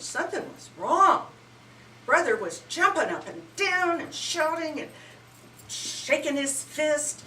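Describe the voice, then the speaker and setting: A woman telling a children's story at a retreat, animated and inviting listeners to join in, heard from afar in a roomy hall. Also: a little high, slight background noise. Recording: roomy hall, mic far off.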